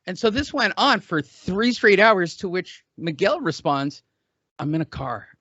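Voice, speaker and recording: A man's voice: high voice, sing-song, unhurried, pushed and bright, dry recording. A middle-aged man hosting a podcast, joking and rambling in casual chat. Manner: rambling, joking, laughs often. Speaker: podcast host. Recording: dull lo-fi dry recording.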